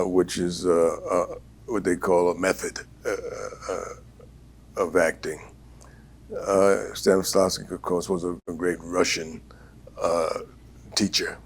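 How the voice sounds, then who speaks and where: An older man, a veteran actor, telling stories in an interview in an unhurried, animated way with many fillers and a husky voice. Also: sits low. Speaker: guest actor. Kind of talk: storytelling interview.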